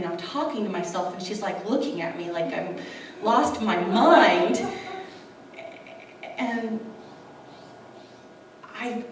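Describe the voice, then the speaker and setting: A woman's voice: medium pitch, slight background noise. Woman recounting a personal story earnestly, mic set back in a reverberant hall. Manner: earnest, acts out quoted dialogue. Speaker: speaker sharing her testimony. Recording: echoey room, distant mic.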